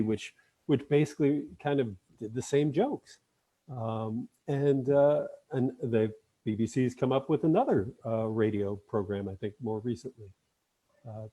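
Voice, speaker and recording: Husky, mellow-voiced man musing. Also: medium pitch. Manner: halting, many fillers. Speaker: podcast guest. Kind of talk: casual chat.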